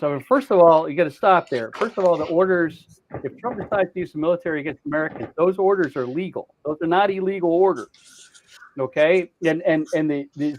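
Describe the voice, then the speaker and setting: A man's voice: on the high side, darkish tone, highs cut off. Blunt, profane older man ranting. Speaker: political commentator. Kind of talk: heated political chat.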